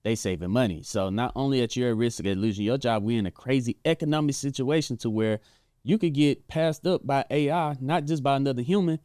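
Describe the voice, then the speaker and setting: A man's voice: medium pitch, brisk, mellow, clear, resonant tone, no room sound, clean studio sound. A man hosting a commentary channel, talking casually and repeating himself, often asking "right?". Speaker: host. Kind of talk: reaction commentary.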